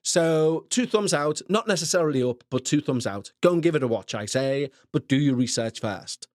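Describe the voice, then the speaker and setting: A man's voice: fairly high pitch, animated, moderate pace, no room sound, clean studio sound. Jokey rambling male podcast host. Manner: rambling, jokey, self-mocking. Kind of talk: casual chat and reading listener stories.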